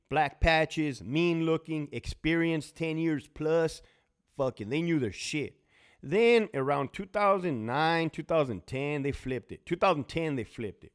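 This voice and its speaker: A man with a Californian accent, a former prison officer, tells profane stories in a blunt monologue and mimics other people's voices. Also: mid-range voice.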